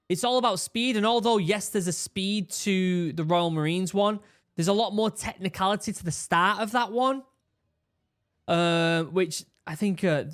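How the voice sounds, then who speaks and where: A man gives excited, casual commentary on a training course video, full of exclamations and restarts. His voice sits slightly high for a man. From England. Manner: animated, exclaiming, with repeated restarts. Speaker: reaction video host, former Royal Marine.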